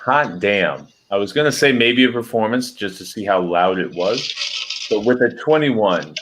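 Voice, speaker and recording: A man's voice: low voice, fairly bright tone, slight background noise. A man narrating as game master of a tabletop game, describing scenes steadily.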